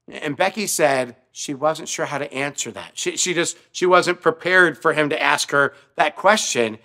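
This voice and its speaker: A man's voice: on the high side, moderate pace, hardly any pauses, sharp tone. A male pastor telling a story in a sermon, earnest, often repeating his words as he speaks. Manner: stammering repetitions, earnest.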